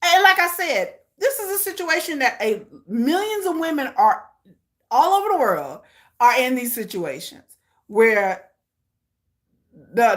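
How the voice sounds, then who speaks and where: A woman with a high-pitched, fairly bright voice hosts a casual live reaction watch-along. She talks bluntly and emphatically, using plenty of profanity and repeating phrases for punch.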